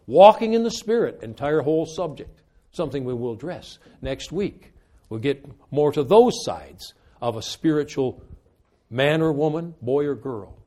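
An older man preaching a sermon and leading a closing prayer, unhurried and folksy, with slow, emphatic phrases. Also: medium pitch, warm tone.

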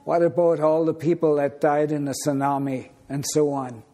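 Guy preaching a sermon, unhurried storytelling, warm mellow tone. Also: a little high, flat delivery.

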